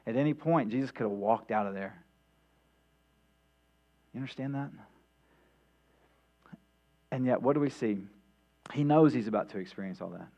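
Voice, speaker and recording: A man's voice: on the low side, darkish tone. A man preaching a midweek sermon in a church, talking conversationally with many "right?" asides and restarts. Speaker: pastor. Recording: dull lo-fi sound with mains hum.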